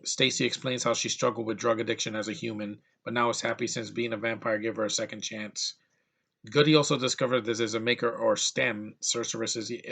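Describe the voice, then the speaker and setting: A man rants his way through a film review, his bright, forceful voice full of exasperation. He swears freely and keeps stumbling and restarting mid-sentence in disbelief. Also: medium pitch. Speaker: movie reviewer.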